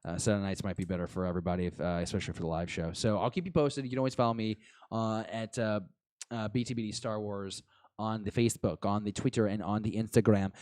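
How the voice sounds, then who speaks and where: A man's voice: on the low side, steady tone, fast, darkish tone, clear, resonant tone, dry recording. A man hosting a podcast, rambling casually with lots of fillers and some self-deprecating jokes. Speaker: podcast host.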